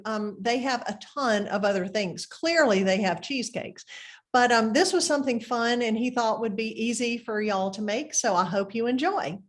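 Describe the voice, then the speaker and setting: A woman with a Southern Mississippi accent hosts a community program in an effusive, chatty way. Her voice sits a little high for a woman. She keeps stacking up thank-yous and asides. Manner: chatty, effusive, uses "y'all". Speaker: program host. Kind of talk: friendly community program introduction.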